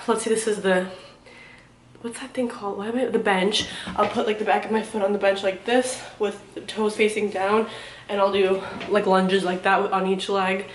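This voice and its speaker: A woman's voice: mid-range voice, a little hiss or hum. Rambling young woman in an echoey room. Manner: rambling, halting, filler-heavy. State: out of breath. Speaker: vlogger. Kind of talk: casual chat.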